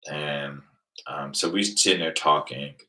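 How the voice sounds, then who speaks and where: A middle-aged man from Venice, California, telling a profane, boastful story on a livestream, swinging between low mutters and loud outbursts. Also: fairly even intonation, measured pace, rough recording. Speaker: livestream host. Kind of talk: casual storytelling.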